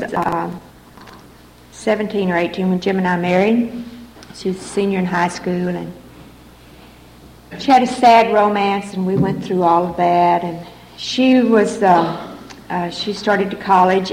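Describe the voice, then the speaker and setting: A woman's voice: mid-range voice, steady tone, unhurried, gravelly, darkish tone, roomy sound, slight background noise, poor audio. An older woman sharing her personal story at a recovery meeting, frank and folksy, with a wry sense of humor. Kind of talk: personal testimony to a meeting audience.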